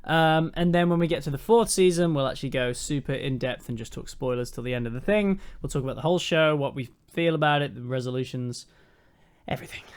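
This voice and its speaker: A man's voice: mid-range voice, fast talker, clean tone. A young man co-hosting a podcast, rambling through a casual review chat with lots of ums and swearing. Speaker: podcast co-host.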